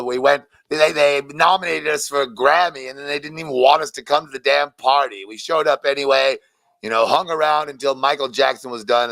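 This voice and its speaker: A man plays a foul-mouthed alien monster frontman: gravelly, brash, bursts into shouted rants, dry close sound. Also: medium pitch, no room sound, close to an everyday voice. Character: crude ranting male alien monster rock frontman. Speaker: singer in an interview clip.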